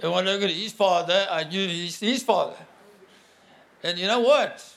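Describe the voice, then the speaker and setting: Guy preaching, earnest and chatty, kinda high voice, stops and restarts a lot. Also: vocal fry, fairly bright tone. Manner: earnest, conversational, with halting restarts. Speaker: guest preacher. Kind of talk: sermon.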